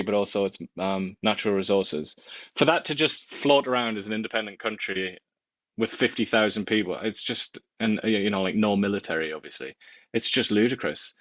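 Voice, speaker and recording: A man's voice: lowish voice, a bit bright, dry recording. A man co-hosting a casual political chat, giving blunt and dismissive opinions. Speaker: co-host. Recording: dull, dry lo-fi sound.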